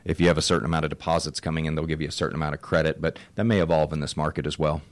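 Deep-voiced man rambling on a podcast. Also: fairly even intonation, rapid-fire, dry recording. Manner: rambling, upbeat, lots of filler words. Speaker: co-host and author. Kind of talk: casual podcast chat.

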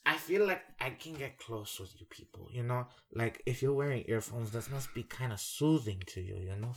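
A man's voice: mid-range voice, lively intonation, moderate pace, fairly bright tone. Rambling young man who jokes nonstop. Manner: rambling, jokey, says "you know" constantly. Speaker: podcast co-host. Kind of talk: casual podcast banter.

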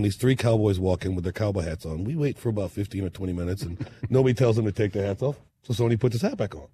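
A man, a musician guest on a talk show, telling animated stories that he laughs through and acts out. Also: lowish voice, husky. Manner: lively storyteller, laughs through punchlines, acts out quotes.

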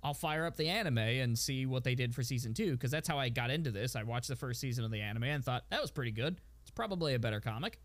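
A man's voice: mid-range voice, lively intonation, fast talker, hardly any pauses. A man co-hosting a podcast in casual chat, telling stories animatedly and chuckling along. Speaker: podcast co-host.

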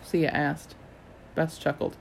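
A reader giving a steady, first-person audiobook narration. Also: mid-range voice, slow pace, vocal fry, slight background noise.

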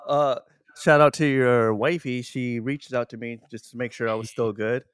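A man in casual chat among friends, swearing freely and laughing often, with loud bursts. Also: medium pitch, fairly even intonation, moderate pace, clear, resonant tone, dry recording.

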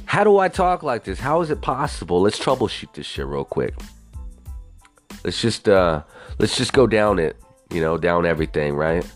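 Over faint music, a young podcast host with a deep voice rants casually at a moderate pace. He's animated and profane, and he keeps drifting into rambling asides.

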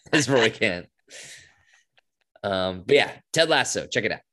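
A man's voice: fairly low pitch, animated, takes it slowly, bright, forceful tone, a little hiss or hum. A young man co-hosting a podcast, chatting casually and enthusiastically with lots of fillers. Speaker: podcast co-host. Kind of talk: casual chat.

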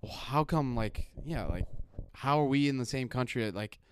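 A man's voice: medium pitch, expressive, moderate pace, slight background noise. A man with a Midwestern accent co-hosting a casual podcast, rambling and filling his talk with "like". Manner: rambling, heavy use of "like". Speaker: podcast co-host.

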